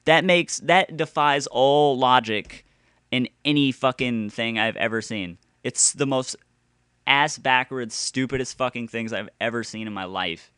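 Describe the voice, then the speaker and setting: A man rants in exasperation and swears freely, and his voice keeps jumping into loud bursts. His tone is smooth and clean, and the sound is close and dry, with no room echo. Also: mid-range voice, measured pace. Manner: exasperated, with sudden loud outbursts. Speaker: gaming video ranter. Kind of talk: profane angry rant.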